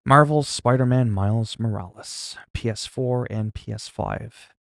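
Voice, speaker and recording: A man's voice: mid-range voice, unhurried, gravelly, fairly bright tone, no room sound, studio quality. A man chatting casually on a game livestream, rambling, joking and reading the chat aloud into a desk mic. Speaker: gaming livestreamer.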